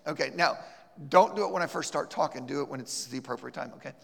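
A man's voice: mid-range voice, quick pace, gravelly. A man teaching a church class, who talks it through casually and acts out little scenes with a volunteer. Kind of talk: church teaching with a live role-play. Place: church hall. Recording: reverberant hall.

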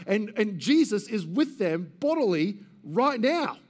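A man's voice: high-pitched, sing-song, a little slow, hardly any pauses, darkish tone. A man preaching a sermon as pastor, earnestly asking his congregation questions and repeating words as he thinks aloud.

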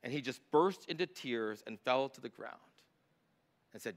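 A middle-aged male pastor preaching a sermon, emphatic on scripture and quieter when telling personal stories. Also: mid-range voice, animated, normal speed, long pauses.

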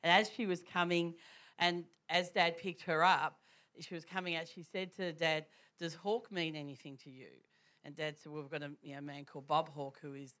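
A woman telling a church testimony story, animated and laughing often, with many restarts. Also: low voice, normal speed. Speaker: church speaker.

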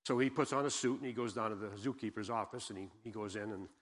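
A man's voice: lowish voice, fast talker. A man preaching as a guest pastor in a church, telling a folksy joke and then reading and explaining scripture, often asking the congregation questions. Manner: folksy storyteller, asks the audience questions. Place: church sanctuary. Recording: long hall reverb.

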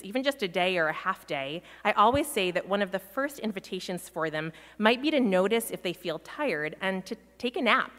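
A woman's voice: medium pitch, sharp tone. Woman preaching in a reverberant hall. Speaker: pastor. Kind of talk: sermon. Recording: long reverb of a large hall.

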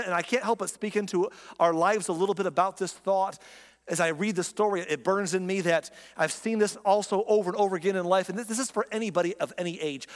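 A man's voice: high-pitched, fast talker, in a large hall. A man preaching a sermon in a conversational, impassioned way, speaking directly to his listeners. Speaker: pastor.

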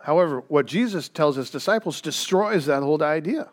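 A man's voice: a little high, expressive, brisk. A man preaching a sermon in a conversational way, often asking rhetorical questions. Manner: conversational, asks rhetorical questions, acts out voices.

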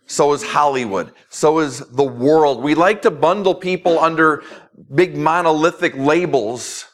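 A male pastor delivers a sermon in an earnest, emphatic way, stacking repeated phrases for weight. His voice sits somewhat higher than most men's. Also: measured pace. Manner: earnest preaching with emphatic repetition.

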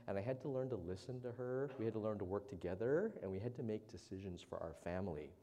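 Low-voiced pastor in a reverberant church. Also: male voice, quick pace, few pauses. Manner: relaxed, chatty, with frequent "right?" asides. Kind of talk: casual conversational sermon with prayer. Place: church sanctuary during a service. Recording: long reverb of a large church hall.

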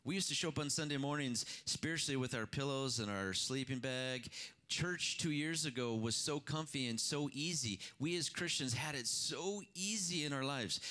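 Guy preaching a sermon, fired up, voice jumps high then drops low, keeps repeating lines. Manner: impassioned preaching with sudden rises and drops in pitch and loudness; repeats phrases for emphasis. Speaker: pastor.

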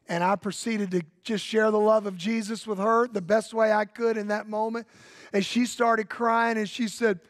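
A man with a Southern US accent, a pastor preaching a sermon in folksy, emphatic storytelling that drops to a hush for drama. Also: high voice, flat delivery, normal speed, no room sound, studio quality. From Southern United States. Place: church sanctuary.

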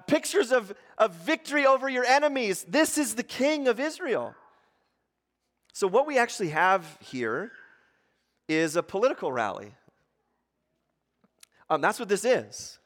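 A man preaching a sermon as pastor, talking in a conversational way with fillers and restarts, rising in pitch and volume when he acts out the crowd. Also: in a large hall. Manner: grows louder and higher when acting out the crowd.

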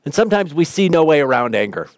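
Man, pastor, earnest conversational sermon, slightly high voice, dry close sound. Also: sing-song, quick pace, no echo.

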